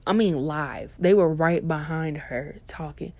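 A young woman podcast host, low-pitched and speaking at a moderate pace with few pauses, shares a funny story. She's animated and laughing, her talk casual, full of slang and profanity.

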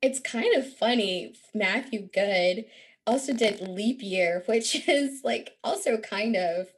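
A woman's voice: medium pitch, takes it slowly, husky. Gushing, laughing woman podcast host. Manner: enthusiastic, laughing, gushing with fillers. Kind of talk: casual chat about films.

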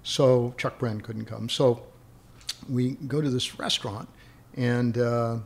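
A man with a rough, gravelly voice spins long anecdotes as an interview guest. He rambles from one memory to the next and chuckles along the way. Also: medium pitch, fairly even intonation, slow pace. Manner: rambling, chuckling as he recalls stories. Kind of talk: anecdotal storytelling.

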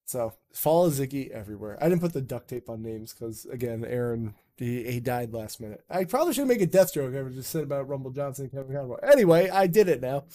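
A man's voice: mid-range voice, expressive, fast talker, hardly any pauses, warm tone. A man hosting a casual podcast chat, rambling and joking with plenty of swearing. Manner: rambling, swearing, loose and jokey. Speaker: podcast host.

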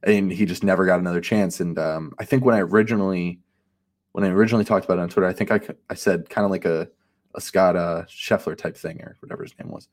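A man co-hosting a casual sports chat, relaxed and analytical, with many fillers like um and you know. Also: low voice, fast. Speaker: podcast co-host and fantasy analyst.

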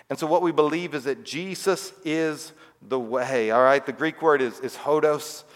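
Conversational pastor in a reverberant hall. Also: male voice, a little high, normal speed, few pauses. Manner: conversational, frequent "all right?" and "right?" asides. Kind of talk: children's sermon.

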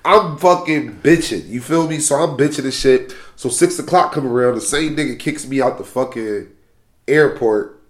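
Young man, animated street-slang storyteller; echoey room. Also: mid-range voice, moderate pace. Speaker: storyteller in podcast chat. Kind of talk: casual chat. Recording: roomy echo.

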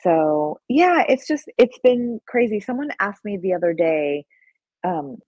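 A woman filmmaker being interviewed, telling a story with excitement and acting out the lines people said to her. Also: medium pitch, measured pace, no echo, low-quality recording. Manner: excitable, acts out quoted dialogue. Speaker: guest filmmaker. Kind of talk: animated storytelling in conversation.

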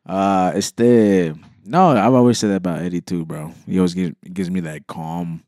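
Male co-host, deep voice, dry mic, loose and profane banter. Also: steady tone, moderate pace, darkish tone, no room sound. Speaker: podcast co-host. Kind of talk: casual chat.

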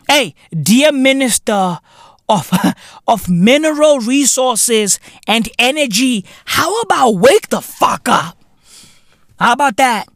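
A man, hosting a podcast with a profane, mocking comedic rant that bursts into shouting. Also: very high voice, no echo, clean studio sound. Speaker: podcast host.

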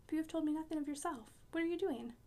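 A woman's voice: high voice, very fast, darkish tone, pitched above the performer's own voice. A woman voicing an eccentric elderly French pianist who talks bluntly and teasingly, dropping French words.

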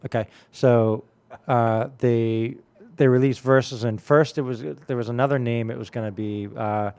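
A man's voice: mid-range voice, fairly even intonation, normal speed, a little mellow, smooth. A man in his late forties hosting a radio music show, telling stories in a rambling, casual way full of fillers. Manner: rambling storyteller, many fillers.

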